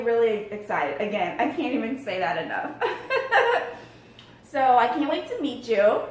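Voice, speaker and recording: A woman's voice: a little high, far from the mic. A woman hosting a casual mukbang eating vlog, murmuring over her food and giggling often. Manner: upbeat, murmurs between bites, giggly. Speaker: mukbang vlogger. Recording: very echoey room.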